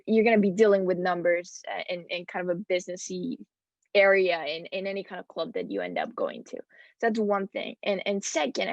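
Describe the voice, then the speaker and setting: Spanish-accented woman with a gravelly edge. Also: mid-range voice, no echo. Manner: earnest, encouraging, emphatic. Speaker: student panelist. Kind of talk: panel advice. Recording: dull, muffled dry sound.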